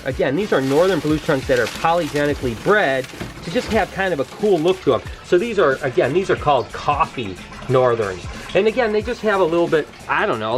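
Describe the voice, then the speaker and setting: A middle-aged man, a reptile breeder, chatting casually and excitedly as he walks through his shop showing animals. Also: fairly high pitch. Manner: excited, gushing, exclamatory. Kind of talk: casual vlog walkthrough.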